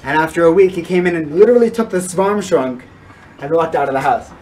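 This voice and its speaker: A man's voice: fairly high pitch, animated, fast talker, slight background noise. A man giving a storytelling sermon, mixing in Yiddish and Hebrew words. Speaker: rabbi giving a weekly Torah talk. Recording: from a distance, with loud guitar music.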